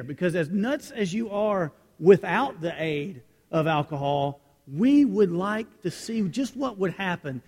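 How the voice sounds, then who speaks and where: A male pastor with a fairly high voice delivers a storytelling sermon. He swings from raised, excited lines down to quiet, hushed asides. His voice rings with the long reverb of a church hall. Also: a little slow, few pauses.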